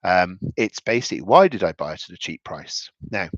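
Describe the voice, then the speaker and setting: A man's voice: low-pitched, very animated, a little fast, no room sound, lo-fi sound. A man giving casual commentary on investments over charts, rambling and thinking aloud with frequent restarts.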